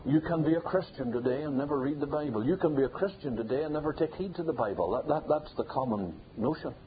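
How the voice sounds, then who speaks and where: Talking fast in a slightly high, expressive voice, a man preaches a sermon full of insistent repetition that builds to forceful, loud peaks. The sound is thin and phone-like, with faint hiss underneath.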